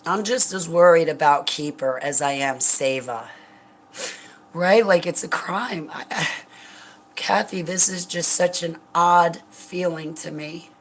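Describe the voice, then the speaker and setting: A woman's voice: on the low side, poor audio. Grieving, tearful woman talking to viewers. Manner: halting, rambling and raw with grief. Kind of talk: emotional live chat to viewers.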